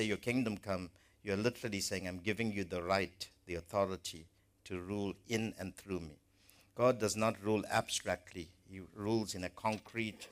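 Low-voiced man preaching an earnest sermon. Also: a bit bright. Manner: earnest, emphatic, with frequent repeated words and restarts.

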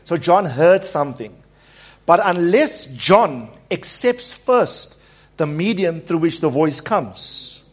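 A pastor with a high voice preaches to his congregation. He slows right down to stress a point and has the church repeat his phrases back to him. His delivery is a steady, emphatic sermon.

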